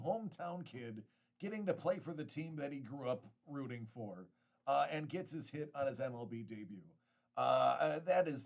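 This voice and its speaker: A man from the United States rambles and jokes through a casual live stream, laughing often and tripping over his words. His pitch sits a touch high and swings around a lot. The audio sounds slightly dull and lo-fi. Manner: lively joking, laughs often, stammers restarts. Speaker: host of a card-collecting live stream.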